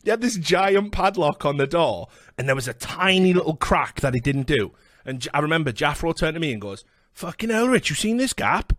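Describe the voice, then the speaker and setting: A man's voice: on the high side, lively intonation, a bit bright, no room sound, clean studio sound. A man hosting a podcast, telling sweary stories and acting out what people said. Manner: fast sweary anecdotes, acts out quotes. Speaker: podcast host. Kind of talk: casual storytelling chat.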